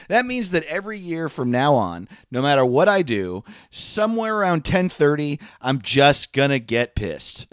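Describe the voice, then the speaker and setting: Male solo podcaster, slightly high voice, candid and profane. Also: fairly bright tone, no room sound, studio quality. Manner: candid, profane, rambling, laughs at himself. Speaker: podcast host.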